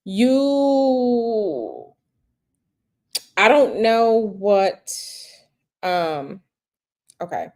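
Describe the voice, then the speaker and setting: A woman's voice: on the low side, expressive, measured pace, pauses often, dark tone. A woman giving a live-stream tarot reading, speaking conversationally and repeating phrases for emphasis. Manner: reads viewer questions aloud and answers directly. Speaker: tarot reader.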